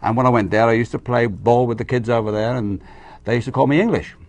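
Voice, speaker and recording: A man's voice: mid-range voice, quick pace, dry recording. A man from Ireland, an actor, telling stories as a guest on a talk show. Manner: storytelling, animated, mimics voices. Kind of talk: casual interview chat.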